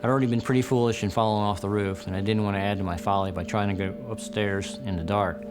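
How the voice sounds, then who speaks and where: A man's voice: fairly low pitch, fairly even intonation, fast talker. A man giving documentary testimony about surviving a fall, speaking plainly and reflectively with a dry, self-deprecating touch. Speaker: survivor telling his story. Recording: music bed under interview.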